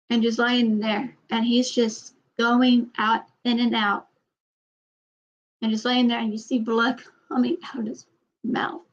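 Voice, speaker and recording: A woman talks to the camera in a loose, halting way, with many restarts and trailing sentences. Her voice sits a little high. The recording sounds dull and lo-fi. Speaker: vlogger. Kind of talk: casual personal talk to camera.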